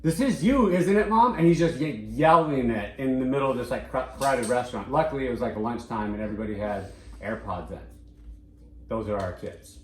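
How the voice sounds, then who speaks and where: A man co-hosting a casual podcast, telling stories in an animated way and swearing freely. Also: mid-range voice, brisk, roomy sound. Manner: animated, profane storytelling. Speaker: co-host.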